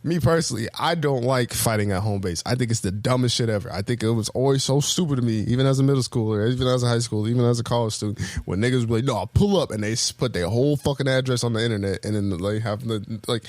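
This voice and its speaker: A man's voice: fast, few pauses, no echo. A man co-hosting a podcast, telling a story in a casual, profane way, full of fillers and restarts, now and then mimicking others. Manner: animated storyteller, acts out quotes with loud high bursts. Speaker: podcast co-host.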